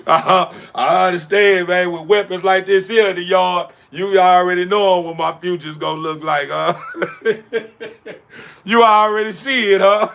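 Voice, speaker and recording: A man's voice: high voice, steady tone, measured pace, creaky, a bit bright, smooth. A man talking casually while bathing his dog in a yard, laughing often and repeating himself in a preachy street-talk way. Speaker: dog breeder. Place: outdoors in a yard.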